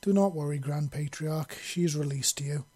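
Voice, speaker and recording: A man's voice: on the high side, moderate pace, dark tone, slightly rough. A man reading an audiobook, voicing an emotional female serpent-folk regent in a raised, exclaiming voice. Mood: earnest.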